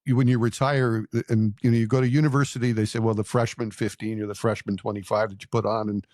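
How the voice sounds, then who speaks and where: A man's voice: fairly low pitch, level tone, fast talker, a little mellow, no room sound, clean studio sound. An older retired man with a Canadian accent co-hosting a casual podcast, enthusiastic and rambling with fillers. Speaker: podcast co-host. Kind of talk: casual chat.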